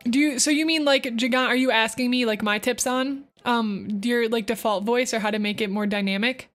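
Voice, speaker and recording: A young woman streaming as a VTuber, talking fast and chatty to her chat while giving voice tips. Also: a little high, fairly even intonation, a bit bright, no echo, faint music behind. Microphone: close desk microphone.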